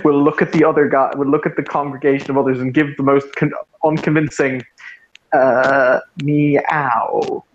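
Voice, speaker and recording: A man's voice: fairly high pitch, flat delivery, fast, a little hiss or hum. Wry male game master, lo-fi mic. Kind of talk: narrating a tabletop game. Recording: dull lo-fi home mic.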